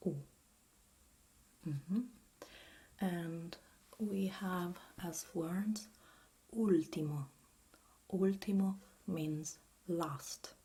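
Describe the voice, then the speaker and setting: A woman's voice: on the low side, fairly even intonation, drawn-out words, mellow, husky. An Italian woman with an Italian accent, whispering a patient language lesson as ASMR, drawing out words for the listener to repeat. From Italy. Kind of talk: whispered role-play.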